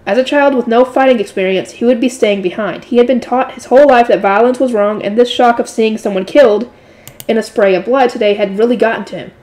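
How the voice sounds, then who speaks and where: A woman reading a light novel aloud in a steady narrating voice, adding her own asides. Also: on the high side, fairly quick. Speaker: audiobook reader.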